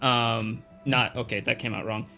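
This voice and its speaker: A man's voice: medium pitch, flat delivery, normal speed, gravelly, bright, forceful tone, faint music behind. A man running a tabletop game as game master, laid-back and chuckling, with hesitant fillers.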